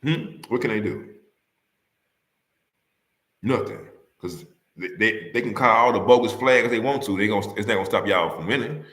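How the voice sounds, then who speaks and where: A man's voice: lowish voice, normal speed, pauses often, a bit bright, echoey room. A man hosting a casual sports talk livestream, arguing heatedly with rival fans, repeating himself and firing rhetorical questions at the audience.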